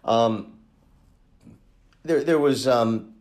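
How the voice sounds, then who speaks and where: Halting podcast host man, mid pitch. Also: darkish tone. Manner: halting, thinks aloud with many restarts. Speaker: podcast host and case investigator. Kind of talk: conversational true-crime podcast.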